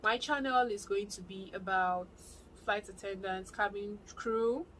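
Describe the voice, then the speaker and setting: A young adult woman with a Nigerian accent, telling a personal story to her vlog viewers in a lively, excitable way. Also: mid-range voice, a little slow, slight background noise, low-quality recording. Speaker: vlogger. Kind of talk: casual storytelling to camera.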